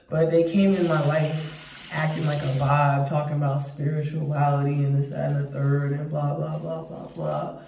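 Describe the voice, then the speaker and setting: A woman vlogger chatting casually to camera in an animated, profane way. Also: low voice, moderate pace, vocal fry, a little hiss or hum. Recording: roomy, distant mic.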